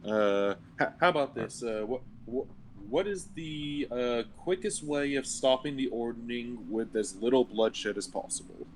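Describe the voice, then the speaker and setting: A man's voice: mid-range voice, lively intonation, measured pace, few pauses, a little hiss or hum. Stammering man playing a tabletop game. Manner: hesitant, stammers and repeats words. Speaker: player. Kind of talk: casual tabletop game chat. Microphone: own microphone over an online call.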